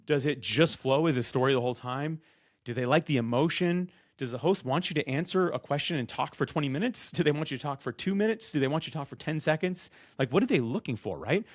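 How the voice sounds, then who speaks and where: A man who talks loud and fast, coaching people on being podcast guests in an energetic, direct-to-camera way, often acting out what guests and hosts say. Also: fairly high pitch, no echo, clean studio sound.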